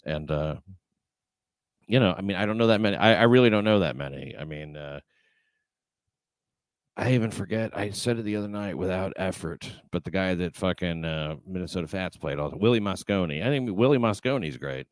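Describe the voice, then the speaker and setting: In a dry recording, a low-pitched man talks fairly quickly as he hosts a stream and reads viewer comments. His casual chatter wanders, with swearing, many fillers, and frequent restarts.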